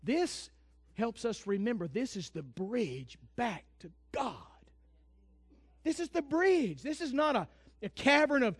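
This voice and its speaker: Fervent high-voiced preacher man. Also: very animated, a little slow, no room sound. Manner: fervent preaching, swings from loud to hushed. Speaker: pastor. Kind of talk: sermon.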